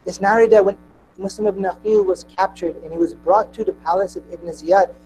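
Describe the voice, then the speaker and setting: Grieving sermon narration, impassioned storytelling, middle pitch, soft music underneath. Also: fairly even intonation, fairly quick, poor audio. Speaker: speaker at a mourning gathering.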